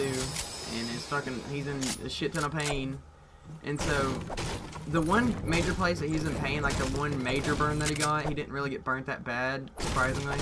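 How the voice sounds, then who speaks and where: A young man telling a story in a casual, rambling way, swearing constantly and getting excited at the wild parts. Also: on the high side. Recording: audible background noise.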